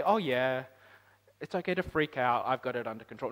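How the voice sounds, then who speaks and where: A man preaching a sermon as pastor, climbing to loud emphatic peaks and then dropping to quiet, reflective lines. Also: medium pitch, expressive, brisk. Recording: long hall reverb.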